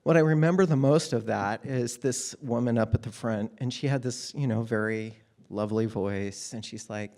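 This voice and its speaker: A man telling a personal story on stage, candid and wry, with animated moments. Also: mid-range voice, moderate pace, few pauses.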